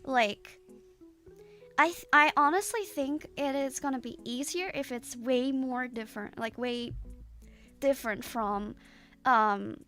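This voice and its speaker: Young woman, casual streamer chat, rambling with fillers, bright voice, faint music behind. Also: high voice, a little slow. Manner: rambling and hesitant, many restarts and fillers.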